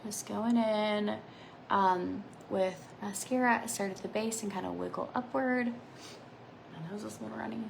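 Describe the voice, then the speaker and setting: A woman in her thirties chatting casually through a makeup vlog, rambling between asides, her phrase endings often trailing off into a soft near-whisper. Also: mid-range voice, steady tone, unhurried, creaky, slight background noise, low-quality recording. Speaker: makeup vlogger.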